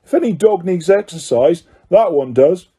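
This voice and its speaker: A man's voice: high voice, expressive, normal speed, warm tone, slightly rough. Man doing a gloomy anxious schoolboy.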